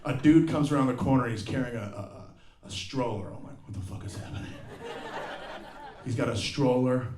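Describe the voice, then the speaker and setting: A man's voice: mid-range voice, noisy background. A middle-aged man doing a profane, ranting stand-up comedy set, acting out other people's lines, recorded live in a comedy venue. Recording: roomy live venue with crowd laughter.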